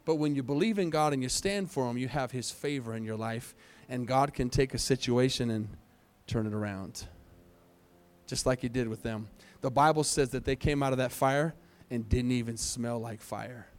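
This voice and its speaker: A man's voice: mid-range voice, moderate pace, a little mellow. Earnest man preaching an altar call. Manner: earnest, pleading, repeats phrases. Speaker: pastor. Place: church service.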